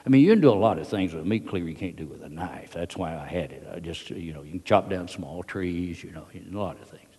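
An older man with a drawl tells a wartime story to a hall audience in a very deep voice. He talks in a folksy, halting way, with plenty of uh's. His voice rings with the long echo of a big room. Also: darkish tone, breathy edge. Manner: folksy, halting, with many fillers. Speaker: veteran speaker. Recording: long reverb of a large hall.

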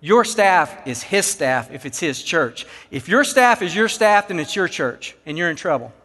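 A man's voice: sits high, animated, normal speed, bright, forceful tone. A man with a Texan accent preaching a sermon to church leaders, driving his points home with rhetorical questions. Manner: emphatic, rhetorical questions to the audience. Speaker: pastor. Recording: long hall reverb.

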